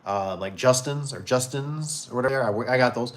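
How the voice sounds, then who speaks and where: He's a man in his forties with a mid-range voice and moderate pace, hosting a relaxed livestream about his door and gate business. Between reading viewer comments aloud, he rambles easily, full of fillers and restarts.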